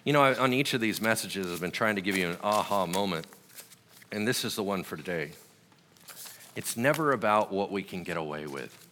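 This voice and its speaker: A male pastor preaching a sermon, playfully acting out the people in his stories. His voice sits low but swings widely in pitch and has a bright, forceful edge. Long reverb from a large hall trails his words. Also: brisk, a little hiss or hum. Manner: animated storytelling, acting out voices with humor.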